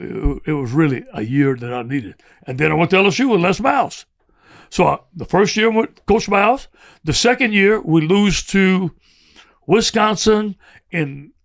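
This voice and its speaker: An older man with a gravelly voice, telling rambling, animated stories with laughs as a podcast guest. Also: fairly high pitch. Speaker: guest football coach. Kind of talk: podcast storytelling.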